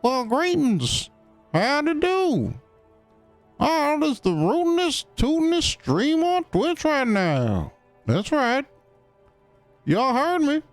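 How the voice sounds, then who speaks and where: A man streaming a video game, putting on a high, folksy cowboy voice that drawls and rambles with exaggerated politeness. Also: no echo, heavily acted.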